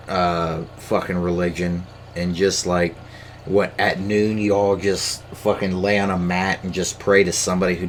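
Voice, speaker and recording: Low-voiced man on a profane rant. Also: a little hiss or hum. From United States. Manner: profane, ranting, rambling with many fillers and restarts. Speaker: podcast host. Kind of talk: casual solo rant.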